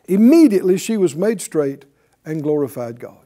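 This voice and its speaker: A sing-song, mellow, medium-pitched voice at normal speed carries this broadcast Bible lesson. The teacher keeps it conversational, often asking the audience rhetorical questions and chuckling while telling the story.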